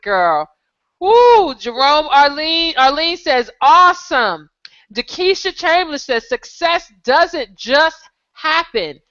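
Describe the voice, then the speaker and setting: A woman host with a high, bright voice that swoops up and down as she exclaims over a guest's message. She reads viewer comments aloud with lots of energy, and the sound is dull and lo-fi. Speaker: show host. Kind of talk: live online show chat.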